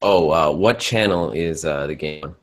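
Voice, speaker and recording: A man with a very deep voice, roughened into a rasp by a cold he is getting over. He co-hosts a casual chat, joking and playful. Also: moderate pace. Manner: jokey, playful, laughs often. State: raspy voice from a cold. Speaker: podcast co-host.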